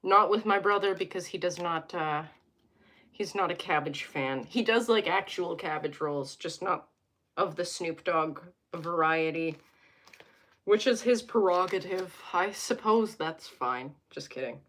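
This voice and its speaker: A woman's voice: lowish voice, unhurried, a bit bright. A young woman hosting a casual live stream from home, reading tarot cards and chatting with viewers, joking and wandering off into asides.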